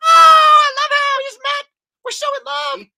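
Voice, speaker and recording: A man voicing a giddy, lovestruck young princess in a shrill, gushing falsetto. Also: flat delivery, moderate pace, creaky, bright, forceful tone, shouting, exaggerated voice.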